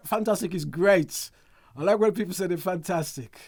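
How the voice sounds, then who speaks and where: A man's voice: high voice, normal speed, a little mellow. A man hosting a call-in talk show, often repeating phrases as he searches for words.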